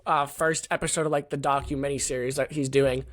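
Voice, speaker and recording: A man's voice: mid-range voice, little pitch movement, a little fast, fairly bright tone, slight background noise. A man hosting a sports podcast, steering the discussion with questions in casual chat. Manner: steering the talk, laughing. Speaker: podcast host.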